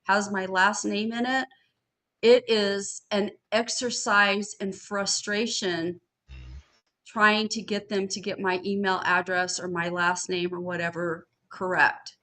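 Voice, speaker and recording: A woman's voice: medium pitch, little pitch movement, takes it slowly, pushed and bright. A woman on a podcast panel talking casually and bluntly, swearing freely as she vents. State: studying for a master's degree. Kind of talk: casual chat.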